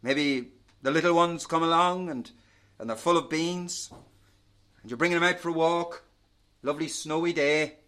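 A man preaching a sermon in an earnest, measured way, rising and falling in volume for emphasis. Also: on the high side, sharp tone.

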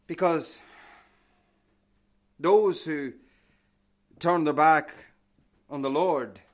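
Man, preacher, sermon, higher-pitched voice, swells loud then drops soft, reads old-style scripture. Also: very slow.

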